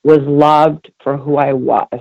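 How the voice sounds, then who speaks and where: A woman's voice: deep voice, flat delivery, slow pace, creaky, darkish tone, no echo, rough recording. A middle-aged woman, a guest on an interview show, candidly telling her own story with feeling and acting out the voices of people in it. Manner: emotional, acts out voices when retelling scenes. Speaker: guest, recovery advocate.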